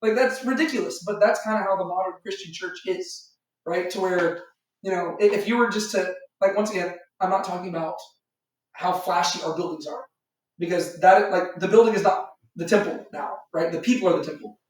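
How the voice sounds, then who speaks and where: Speaking fairly quickly in a high-pitched voice, a man leads a casual small-group Bible study. He rambles, uses many fillers, and voices imagined characters. The sound is echoey, captured from a distance.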